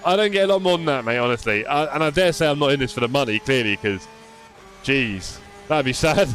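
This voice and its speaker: A man's voice: medium pitch, animated, a little fast, fairly bright tone, faint music behind. Chatty male sim racing streamer. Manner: chatty, answers viewer chat by name, self-deprecating. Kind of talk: casual live-stream chat while racing.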